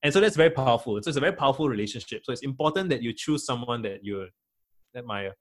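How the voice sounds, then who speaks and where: A man's voice: medium pitch, expressive, fast talker. A young man, talking as a guest in a casual interview, rambling with many fillers and restarts.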